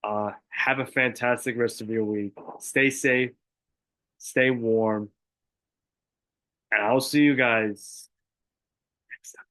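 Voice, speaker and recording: A man's voice: mid-range voice, steady tone, slow, long pauses, sharp tone. A young man hosting a sports podcast, giving his picks in a casual, rambling monologue full of fillers and self-corrections. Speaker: podcast host.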